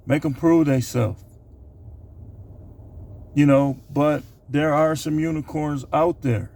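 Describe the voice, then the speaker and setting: Gravelly man rambling through a numbered list. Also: a little high, a little mellow. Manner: loose, rambling delivery with many fillers. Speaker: channel host. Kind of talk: casual vlog monologue counting down a numbered list. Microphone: camera recording himself.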